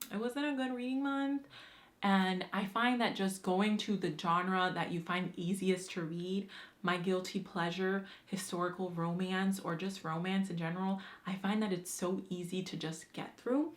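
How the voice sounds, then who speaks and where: A young adult woman vlogging about books in a chatty, animated way, with slang and the odd swear word. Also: lowish voice. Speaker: book vlogger. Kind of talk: casual chat answering a book tag.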